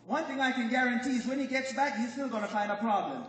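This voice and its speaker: This high-voiced Jamaican man talks quickly, delivering a motivational business speech to a live audience in an echoey hall. He's a joking, animated storyteller who keeps questioning the crowd. The sound comes from a distant phone in the audience, with faint noise.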